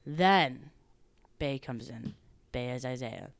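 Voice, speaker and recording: A woman's voice: extremely low pitch, expressive, slow, gravelly, no room sound. A woman in a casual talk chat, telling a story loosely with lots of "like" and acting out what others said. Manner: chatty, peppered with "like", acts out others' lines. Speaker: podcast guest recounting a story.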